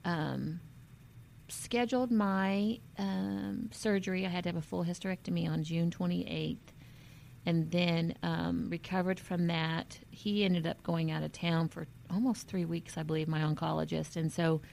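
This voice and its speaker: A woman's voice: lowish voice, fairly even intonation, vocal fry, darkish tone, slight background noise. Earnest woman telling a personal story. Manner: earnest, halting, with many restarts. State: emotional, near tears at times. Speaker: vlogger.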